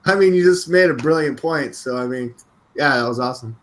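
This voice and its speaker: A man co-hosting a live political web show, reading aloud and reacting with animated, incredulous exclamations. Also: mid-range voice, a little fast, rough recording. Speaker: co-host.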